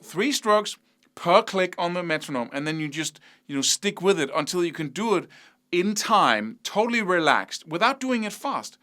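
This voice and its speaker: A man gives a guitar lesson in a bright, fairly high voice that rises and falls a lot. He talks in a loose, conversational way, restarting sentences and sounding out rhythms with syllables. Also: lively intonation, moderate pace. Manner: demonstrates picking rhythms by singing syllables; conversational, repeats himself and restarts. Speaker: guitar teacher.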